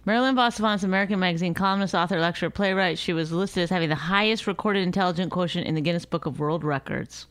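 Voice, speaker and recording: A woman's voice: fairly low pitch, racing, few pauses, dry recording. A woman co-hosting a talk show, reading an ad and then teasing her partner sarcastically in casual chat. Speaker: podcast co-host.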